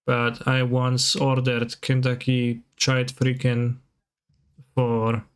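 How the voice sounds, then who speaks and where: A man's voice: mid-range voice, monotone, slow pace, clear, resonant tone. A man streaming a card game, chatting casually with viewers and breaking into playful, goofy sing-song noises. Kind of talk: casual stream chat over gameplay.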